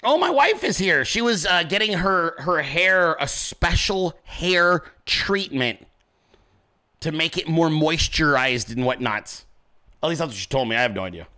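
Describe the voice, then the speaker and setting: A man's voice: on the high side, expressive, a little slow, bright, forceful tone. A man hosting a political commentary show, talking in a brash, swaggering, profane monologue. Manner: brash, swaggering, heavy swearing.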